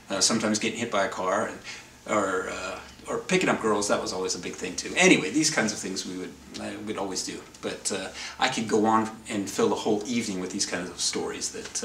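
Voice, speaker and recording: A man's voice: on the low side, a bit bright. A man telling a rambling, wry anecdote in a casual way, often correcting himself as he goes. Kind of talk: casual anecdote told to camera. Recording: roomy, distant, faint background noise.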